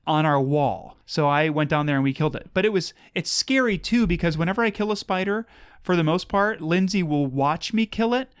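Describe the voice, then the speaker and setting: Female podcast co-host, low voice, playful casual banter. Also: lively intonation, a little fast, clear, resonant tone. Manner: playful, acts out silly voices in quotes. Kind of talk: casual chat.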